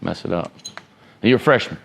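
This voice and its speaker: Gravelly low-voiced man giving a pep talk. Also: expressive, fairly quick, fairly bright tone, a little hiss or hum. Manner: emphatic, rambling, asks the room questions. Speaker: entrepreneur and motivational speaker. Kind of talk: informal motivational talk to students.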